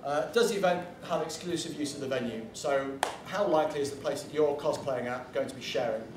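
A man's voice: a little high, a little fast, noisy background. A man giving a casual convention panel talk, chatty and blunt, drifting into asides and the odd swear word. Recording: echoey room from far off, faint ambience.

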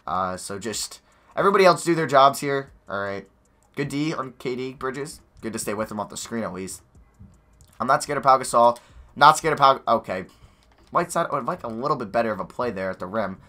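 A young man giving nervous, excitable live commentary over a basketball video game, talking to his players on screen, his voice going hoarse. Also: mid-range voice, a little fast. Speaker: gaming YouTuber.

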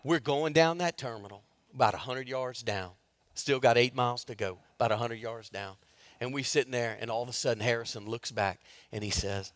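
A middle-aged man preaching a sermon as pastor, telling stories in a folksy way and swinging from loud to hushed. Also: fairly high pitch, lively intonation, normal speed, dry recording, studio quality.

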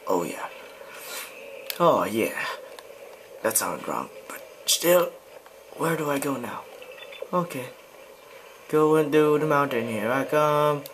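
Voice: medium pitch, expressive, takes it slowly, long pauses, a little hiss or hum, low-quality recording. A gamer giving let's play commentary, jumpy, yelping and pleading, and muttering to themselves in between.

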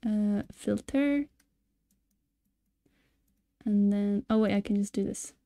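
A woman's voice: mid-range voice, slow, dark tone, no room sound. A woman streamer chatting casually with viewers while she plays, laughing often. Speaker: gaming streamer. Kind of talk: casual live-stream gameplay chat.

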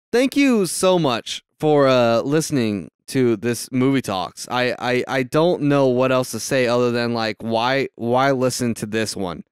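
A young man co-hosting a casual movie podcast, excitable and quick to swear and laugh. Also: medium pitch, clear, resonant tone, no echo, studio quality. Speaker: podcast co-host. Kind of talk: casual movie-watching chat.

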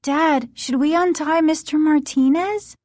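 A frightened teenage girl begs and insists in a high, urgent voice, as a woman puts her on. The read-aloud storybook sound is dry and close. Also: a little slow, darkish tone, no echo. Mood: frightened, pleading. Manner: high, urgent, breathless pleading.

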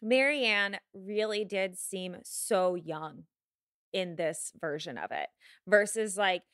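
A woman's voice: medium pitch, slow, dry recording, studio quality. A woman guest on a podcast, chatting casually and animatedly in a jokey way. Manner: animated, jokey, laughs between remarks. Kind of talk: casual chat.

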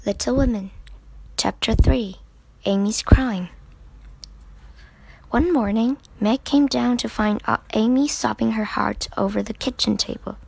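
Woman, children's book reader, slow pace, gravelly, husky, dry sound. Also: fairly high pitch, darkish tone, slight background noise. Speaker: storybook reader. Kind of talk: children's book read-aloud.

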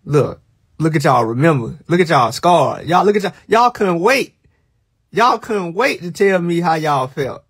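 A young man with a drawl hosts a casual livestream, ribbing his viewers. His talk is unhurried and drawn out, and his voice sits a touch higher than most men's. He slips into bursts of mock alarm and easy teasing. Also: expressive, slightly rough. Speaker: livestream host.

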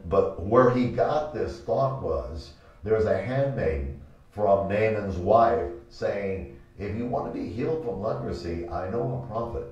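A man with a lowish voice preaches as he hosts a talk show, telling a Bible story and acting out each character's lines. The sound is dull and very roomy, picked up from some way off the mic. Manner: animated storytelling, acting out quotes. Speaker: pastor and show host. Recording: echoey room, mic from a distance, dull sound.

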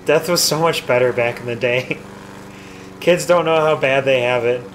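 Man, let's play co-host, deadpan, dark humor, casual chat, middle pitch, air-con noise behind. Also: normal speed, poor audio.

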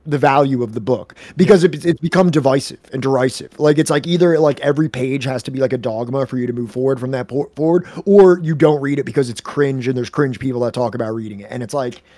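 A man of middle pitch chatting on a stream, rambling through fillers and restarts. His voice is close to the mic in a dry room. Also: quick pace, hardly any pauses, dark tone, no room sound. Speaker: co-host of a reading stream. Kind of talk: casual chat.

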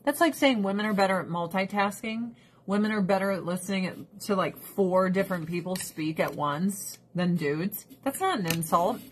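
A woman's voice: mid-range voice, moderate pace, a little hiss or hum. A woman vlogger giving casual, sarcastic ranting commentary, laughing often and talking to her pets and viewers.

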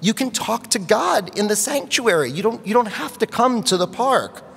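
A man voicing a gentle, puzzled rabbi questioning his daughter tenderly, heard with the long reverb of a large sanctuary. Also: high-pitched, animated, moderate pace, gravelly, a little hiss or hum, voice pushed up, full character voice. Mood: pleading.

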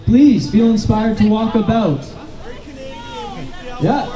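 High-voiced man declaiming at a rally. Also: lively intonation, slow pace, echoey room, a crowd in the background, rough recording. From Canada. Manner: declamatory, repetitive slogans, rising to shouts. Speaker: rally speaker. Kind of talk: impassioned outdoor rally speech. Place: street protest outdoors in the rain.

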